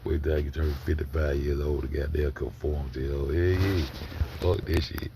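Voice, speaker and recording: A man's voice: a bass voice, steady tone, normal speed, background noise. A man casually commenting on a video for his live chat, loose and profane, rambling with many restarts. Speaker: streamer reacting to a video.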